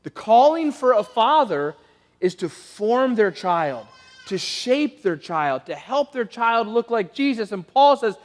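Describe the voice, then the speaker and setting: A man preaching a sermon as pastor, telling a story with animation and then turning soft and pleading. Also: high-pitched, big pitch swings, a little slow. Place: church auditorium. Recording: long reverb of a church hall.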